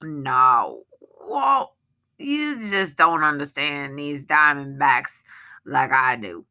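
A woman's voice: on the low side, lively intonation, slow, pushed and bright, heavily acted. A woman doing a sneering brute. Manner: sneering, swaggering. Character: cruel, boastful Southern husband, adult man.

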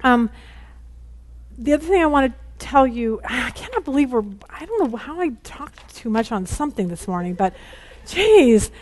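A woman's voice: high-pitched, slight background noise. A middle-aged woman teaching a women's Bible study in an informal, candid way, hurrying to finish and acting out family conversations as she goes. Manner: chatty and candid, rushing against the clock; acts out family conversations in lively quoted voices.

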